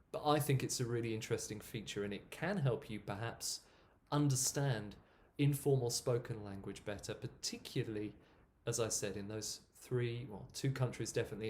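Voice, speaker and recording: A man, an English teacher casually explaining spoken usage and demonstrating word sounds. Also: mid-range voice. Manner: relaxed, repeats words to demonstrate pronunciation.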